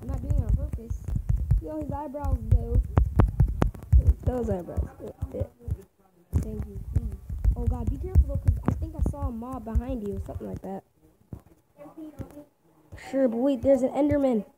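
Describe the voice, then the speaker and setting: A young woman giving casual, excitable commentary while playing a video game with a friend, often yelping and laughing. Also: fairly high pitch, normal speed, long pauses. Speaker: gaming video host. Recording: loud background noise.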